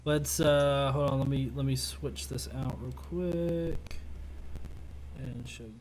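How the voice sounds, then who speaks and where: A man's voice: medium pitch, takes it slowly, a little mellow, slight background noise. A man hosting a casual political podcast, talking loosely with lots of filler words. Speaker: podcast host.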